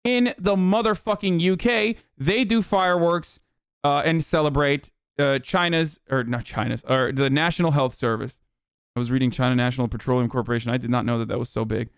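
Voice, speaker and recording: A man's voice: medium pitch, a little fast, gravelly, clean tone, no echo, studio quality. A man hosting a stream, giving heated, profane casual political commentary. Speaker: streamer host.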